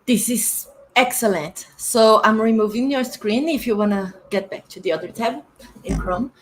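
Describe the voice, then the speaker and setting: A woman's voice: a little high, normal speed. Woman hosting a live tech stream. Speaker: host.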